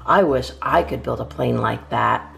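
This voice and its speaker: A woman voicing an eager, excitable little boy bear cub in a read-aloud storybook, asking questions in a high, keen voice. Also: unhurried, creaky, faint music behind, heavily acted.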